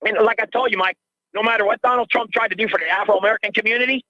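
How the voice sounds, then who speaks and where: Older man, agitated radio caller, bright sharp tone, dry close sound. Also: high voice, fairly even intonation, rapid-fire, no room sound. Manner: agitated, ranting, repeats himself. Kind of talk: call-in radio rant. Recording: dull lo-fi call audio.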